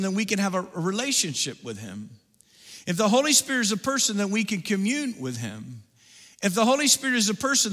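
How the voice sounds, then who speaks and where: A man preaching a sermon as pastor, building through repeated phrases and dropping his voice low to press a point. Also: bright, forceful tone. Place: church sanctuary. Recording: hall reverb from a church.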